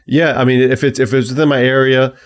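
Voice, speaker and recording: A man appearing as a guest attorney, talking in a relaxed, easygoing way with frequent restarts. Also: medium pitch, brisk. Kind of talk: casual conversation.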